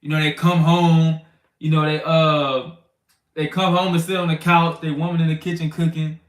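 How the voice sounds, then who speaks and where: A man's voice: a little high, flat delivery, moderate pace, echoey room. A man teaching from the Bible in a loose, conversational way, often asking "you know what I'm saying" and acting out household quarrels. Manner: acts out quarrels in raised, shouting voices. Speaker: teacher of a congregation.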